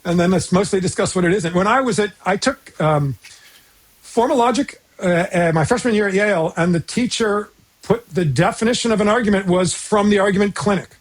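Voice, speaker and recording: A man's voice: high-pitched, a little fast. An older man from the United States, chatting as a podcast guest in a self-deprecating, rambling way with frequent chuckles. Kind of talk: casual conversation.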